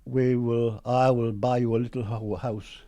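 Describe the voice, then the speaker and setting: An older man with a Geordie accent, a guest on an interview show, telling his story in a lively way and acting out old conversations. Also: medium pitch, measured pace. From Newcastle, England.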